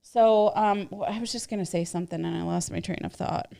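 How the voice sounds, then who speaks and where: A woman's voice: lowish voice, fairly even intonation, brisk, gravelly, warm tone. A woman co-hosting a casual livestream, chatty and teasing, reading out viewer comments and laughing easily. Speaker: livestream co-host.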